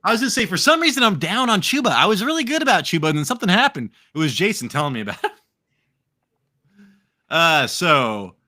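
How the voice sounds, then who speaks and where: An American man co-hosting a live fantasy football stream, his voice bright and sharp and swinging up and down with energy. He rambles, restarts and swears freely, talking casually with a drink in hand. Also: sits high, fast. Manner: profane, rambling, animated. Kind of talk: casual live podcast chat.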